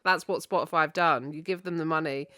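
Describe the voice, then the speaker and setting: A woman's voice: sits low, no room sound, clean studio sound. A woman, a comedian guest riffing animatedly in a panel chat. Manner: animated, joking, quick asides.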